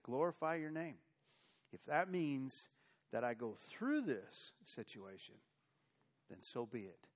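A man pastor preaching a sermon, quoting scripture and swinging between loud emphasis and quiet, low passages. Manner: preaching with rising and falling intensity, quoting scripture.

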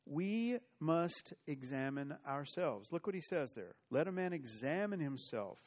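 A male pastor delivers an earnest sermon to his congregation in a church. His voice sits a little above the usual male pitch, and he often stumbles into quick repeated restarts before pressing his point. Now and then he drops in a wry aside. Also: animated, darkish tone.

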